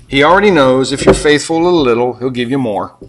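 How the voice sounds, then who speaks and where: An older man preaching a sermon, firing questions at the congregation and swinging between loud emphatic lines and quiet asides. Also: medium pitch, fairly quick, background noise. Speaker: pastor.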